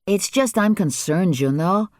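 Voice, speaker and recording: A man's voice: high voice, animated, measured pace, a little mellow, no echo, studio quality, voice pushed up. A man voicing a frightened young Hispanic man on the run, speaking broken English with a heavy Spanish accent. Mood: nervous. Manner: broken English, nervous and evasive.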